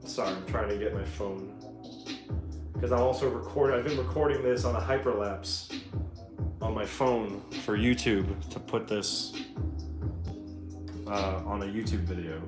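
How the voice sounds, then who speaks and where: A streamer with a fairly low voice, normal speed and long pauses chats casually on a livestream from his home room while painting. He's a profane, laughing storyteller, swearing freely. The audio has a roomy echo and faint guitar music.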